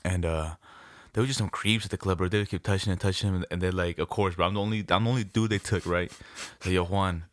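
Young man, low voice, lively, casual slangy chat, dry close sound. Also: fast talker, hardly any pauses, no echo.

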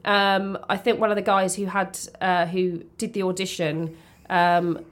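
A woman's voice: lowish voice, level tone, unhurried. A woman in a casual podcast chat, talking bluntly with many ums and restarts. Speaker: podcast co-host.

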